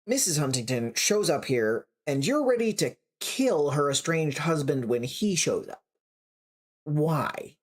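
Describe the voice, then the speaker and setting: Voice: mid-range voice, expressive, measured pace. A reader voicing a male police detective who sounds incredulous and exasperated.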